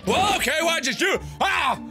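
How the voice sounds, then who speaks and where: A man doing let's play commentary, loud and exclaiming, teary and pained from wasabi burn. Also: very high voice, lively intonation, normal speed, music in the background. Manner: loud, exclaiming, yelping in pain. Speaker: gaming video host.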